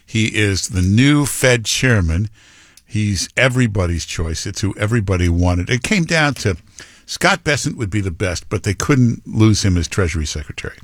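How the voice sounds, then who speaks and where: A man hosts a political talk monologue, rambling and opinionated. His lowish voice swings widely in pitch, and the recording is dry and close. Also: animated, normal speed, no room sound. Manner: rambling, opinionated, with quoted impressions. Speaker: talk radio host.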